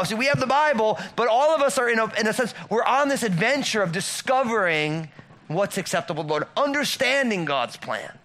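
A middle-aged man delivers a sermon in a casual, talky way. His voice sits high for a man and rings bright and forceful. He keeps checking in with "right?" and hammers his points home through repetition. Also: expressive, fairly quick. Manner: conversational preaching, rhetorical questions, emphatic repetition. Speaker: pastor.

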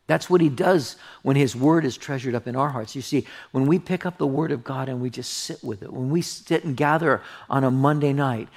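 A man pastor teaching through a Bible passage in an earnest sermon, reading scripture aloud and commenting on it conversationally. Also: medium pitch. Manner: earnest, drops to a hushed whisper for tender asides.

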